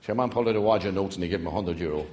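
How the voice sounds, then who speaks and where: A man's voice: low-pitched, very fast, a little mellow. An Irish man telling jokes in a rambling stand-up style, wandering off into side stories and chuckling through them. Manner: digressive, chuckling through his own stories.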